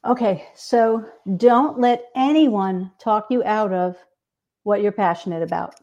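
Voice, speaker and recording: Mellow-voiced woman guest author. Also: mid-range voice, a little slow, highs cut off. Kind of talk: interview chat.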